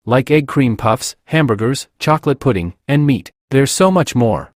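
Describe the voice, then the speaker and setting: A man reading the lines of a calm, friendly young male lord in a comic recap. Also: mid-range voice, moderate pace, no room sound, clean studio sound, lightly acted. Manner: plainly read, barely acted.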